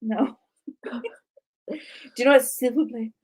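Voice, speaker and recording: A woman's voice: a little high, slow, a little mellow, husky. Playful woman hosting a kids' lesson. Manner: playful, teasing, laughs often; quizzing a child on vocabulary. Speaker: host of a live kids' art tour. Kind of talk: live-stream lesson for kids.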